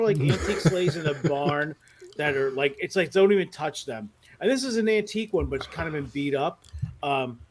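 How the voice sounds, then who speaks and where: Dude with a highish voice telling swear-heavy stories on a podcast, laughing a lot. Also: male voice, a little hiss or hum. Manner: animated, profane, laughs through his stories. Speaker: podcast guest who works as a mall Santa. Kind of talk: casual podcast storytelling.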